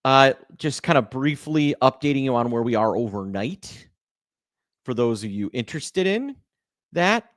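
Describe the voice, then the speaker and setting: A man hosting a live webinar over a video call, relaxed and full of fillers. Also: medium pitch, normal speed, no room sound, studio quality. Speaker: show host introducing guests. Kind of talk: casual live webinar intro.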